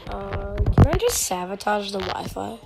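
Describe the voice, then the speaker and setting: Woman, casual gameplay commentary, lively swooping voice, unhurried, playful beeping noises, whispered asides. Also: mid-range voice, creaky, very noisy.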